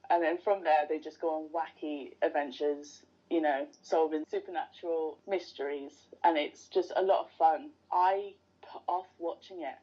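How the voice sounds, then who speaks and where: A woman's voice: deep voice, steady tone, normal speed. A woman guest on a podcast, chatting casually and enthusiastically like a fan. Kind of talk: casual interview chat. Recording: dull lo-fi sound.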